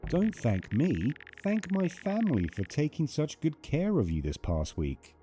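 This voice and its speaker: Daniel, a creepy, too-sweet neighbor. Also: male voice, on the high side, big pitch swings, a little slow, soft background music. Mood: creepy friendly. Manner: soft, unsettlingly sweet. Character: creepy overfriendly male neighbor. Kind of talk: horror game voice acting.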